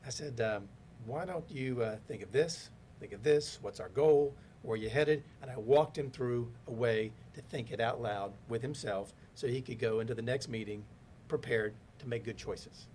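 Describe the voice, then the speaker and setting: A man's voice: medium pitch, moderate pace, few pauses, a little hiss or hum. A man telling business stories in a casual podcast interview, acting out the people he quotes. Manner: animated storyteller acting out quoted voices. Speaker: podcast guest, business consultant.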